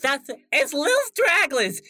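A woman voicing a giddy, starstruck eccentric young man who gushes with excitement. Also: high voice, no room sound, pitched above the performer's own voice, full character voice. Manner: gushing, excitable, slightly drawn-out words.

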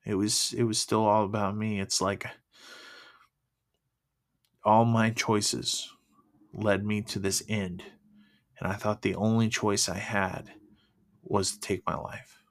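A man sharing his personal faith testimony in an earnest, emotional, halting way. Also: fairly low pitch, flat delivery.

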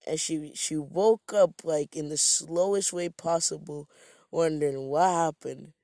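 A man's voice: on the high side, steady tone, a little slow, mellow, no room sound, studio quality. A man from Jamaica telling a rambling, profane, self-mocking story in a casual monologue.

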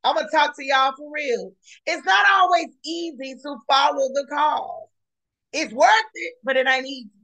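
Woman preaching, high bright voice, shouting often, repetitive exclamations, fiery podcast sermon. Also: normal speed, low-quality recording.

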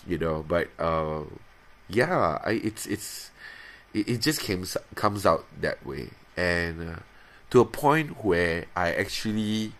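Animated and a bit bright, a thirtysomething male podcast host rambles through a casual confession, stopping and restarting often. When quoting himself, he switches to a high, playful voice.

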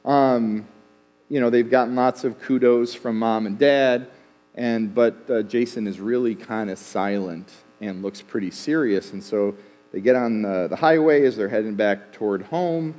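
A man preaching a sermon as pastor, in a relaxed, conversational way with fillers and asides. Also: medium pitch, unhurried. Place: church sanctuary. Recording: long hall reverb.

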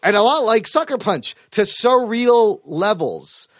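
A man co-hosting a casual podcast chat, animated, profane and emphatic. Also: high-pitched, a little slow, no room sound, clean studio sound. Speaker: podcast co-host.

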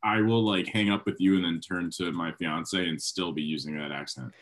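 A young man from Ohio co-hosting a comedy podcast, trading deadpan, mock-serious banter in casual chat. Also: low-pitched, normal speed. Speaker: podcast co-host.

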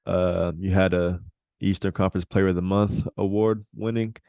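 A low, gravelly man hosts a podcast in a laid-back, slangy way, keeping his voice level and even. The sound is close and dry. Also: moderate pace, dry recording. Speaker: podcast host. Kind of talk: interview questions, casual chat.

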